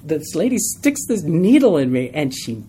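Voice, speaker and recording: A man's voice: on the high side, big pitch swings, normal speed, warm tone, a little hiss or hum. A man teaching a Bible study in a conversational way, asking his group questions and telling stories with a laugh.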